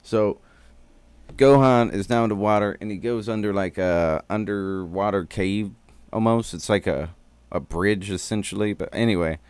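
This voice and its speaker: A man with a deep, low voice talks loosely through an episode recap, swearing and riffing as he goes. The sound is close and dry, with almost no room around it. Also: steady tone, moderate pace, darkish tone, smooth, dry recording. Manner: slangy, profane, rambling. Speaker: streamer.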